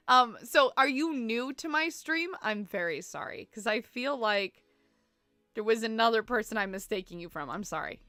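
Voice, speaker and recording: A woman's voice: a little high, lively intonation, moderate pace, pushed and bright, no echo, soft background music. A Canadian woman from Ontario chatting casually with viewers on a livestream, full of "like" and "um", giggling and apologizing as she goes. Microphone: desk mic she keeps bumping.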